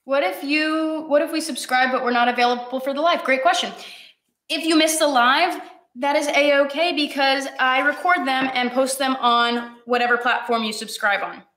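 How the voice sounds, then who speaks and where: Teary, bright-voiced woman hosting a cooking class. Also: high-pitched, fairly even intonation, normal speed, reverberant. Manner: chatty, encouraging, talks to viewers while cooking. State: teary and sniffly from cutting onions. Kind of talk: live-streamed cooking class.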